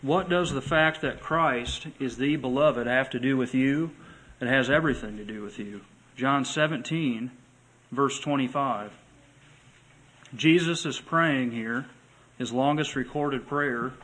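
An earnest male pastor delivering a sermon in a church, his voice sitting at an ordinary middle pitch. He slows and swells when he reads scripture aloud. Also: fairly bright tone, low-quality recording. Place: church sanctuary.

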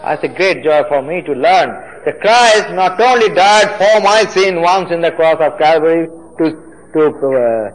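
A man's voice: a little high, lively intonation, unhurried, rough recording. A man from Nepal with a Nepali accent, preaching his testimony in fervent, broken English. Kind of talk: sermon testimony. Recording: faint hiss from an old tape.

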